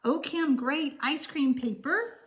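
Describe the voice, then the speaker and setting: Slowly and in a high voice, a Texan woman chats through her card-making live stream, reading out comments from viewers. She's warm and effusive, wandering off on tangents filled with fillers.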